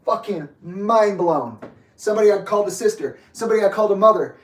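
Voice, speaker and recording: A young man with a high, animated voice speaks fast in an angry personal monologue, bitter and sarcastic, swearing often as he tells his story. The room is echoey and he sounds distant from the mic.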